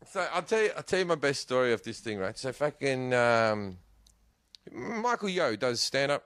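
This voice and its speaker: A man's voice: medium pitch, sing-song, normal speed, a bit bright, clean tone, no room sound. An Australian man, a podcast guest, telling stories in casual chat, laughing often and swearing freely.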